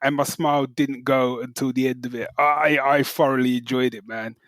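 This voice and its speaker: A man's voice: mid-range voice, normal speed, no echo. A man co-hosting a casual podcast chat, telling stories with animation and humming theme tunes as he goes. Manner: animated storyteller who hums theme tunes. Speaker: podcast co-host.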